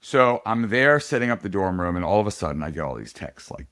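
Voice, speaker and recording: A middle-aged man, a political candidate, telling a story in a casual podcast interview, animated and laughing often. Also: low-pitched, a little fast, hardly any pauses.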